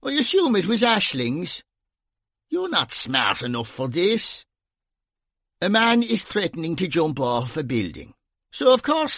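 A man plays a sardonic Dublin police officer with an Irish accent, teasing and deadpan. The voice sits high and swings widely in pitch, unhurried, in a dry, close sound. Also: no room sound, heavily acted.

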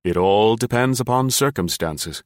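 A man's voice: fairly low pitch, animated, measured pace, no echo, studio quality, voice pushed up. A man voicing a shrewd, probing older investigator in a read-aloud story.

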